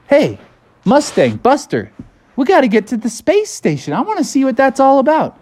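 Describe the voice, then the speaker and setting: A man voicing an excitable young frog in a bedtime story, talking high and breathless. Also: normal speed, full character voice. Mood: eager. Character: excitable young male frog, eager and curious.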